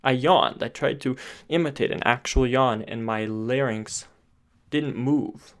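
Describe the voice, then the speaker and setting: His voice is medium in pitch and unhurried as he teaches singing, breaking the technique into steps. He often starts sentences over while thinking out loud, using his hands to point to parts of his face and throat.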